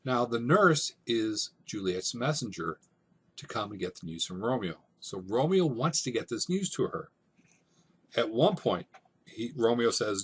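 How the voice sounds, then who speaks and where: A man teaching over slides, explaining a scene in relaxed, conversational everyday language. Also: medium pitch, measured pace, breathy edge. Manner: relaxed, conversational, paraphrasing in plain modern speech. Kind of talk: casual classroom explanation.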